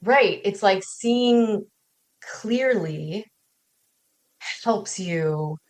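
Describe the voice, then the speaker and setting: A woman's voice: mid-range voice, expressive, extremely slow. A woman in a podcast conversation, talking reflectively and often checking in with a "right?" as she thinks aloud.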